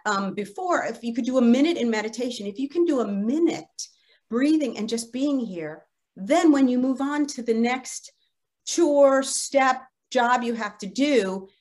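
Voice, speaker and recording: A woman author as a podcast guest, giving upbeat, instructive advice and counting off her steps. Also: on the high side. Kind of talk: advice in an interview.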